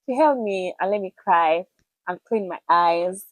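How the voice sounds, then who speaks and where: A young woman with a Nigerian accent, telling a personal story to camera in a chatty, animated way with pidgin words mixed in. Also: on the low side, a little slow, no room sound, poor audio. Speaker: vlogger.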